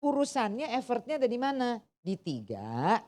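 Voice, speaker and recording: A woman's voice: fairly high pitch, a little fast. A woman teaching an English test class, switching between languages and firing questions at her students. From Indonesia. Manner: animated, asks the class questions, code-switching. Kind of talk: interactive lesson, mixing English and Indonesian.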